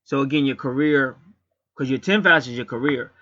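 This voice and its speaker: A man giving a casual astrology reading, talking in an animated, repetitive and blunt way. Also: medium pitch, moderate pace, dry recording, lo-fi sound. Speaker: astrology and angel card reader. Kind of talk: casual spoken chart reading.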